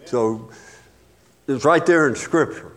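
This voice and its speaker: A man's voice: mid-range voice, slow pace, fairly bright tone. A man preaching a sermon as a pastor, emphatic, with sudden rises and drops in his voice. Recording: long hall reverb.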